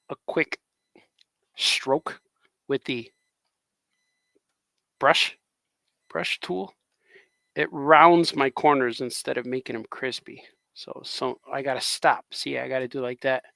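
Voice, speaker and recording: A man's voice: mid-range voice, vocal fry, bright, forceful tone, no echo. A man chatting in a rambling way while drawing on a live stream as a cartoonist host.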